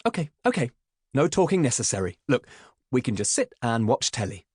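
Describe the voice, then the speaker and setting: A man voicing a gentle, coaxing mum. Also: mid-range voice, sing-song, a little fast, breathy edge, dry recording, clean studio sound.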